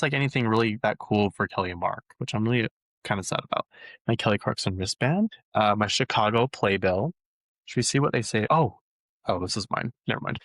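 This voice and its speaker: A man chatting casually as a vlog host, gushing and excitable with lots of fillers. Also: fairly low pitch, no room sound. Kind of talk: casual chat. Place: lives in Utah.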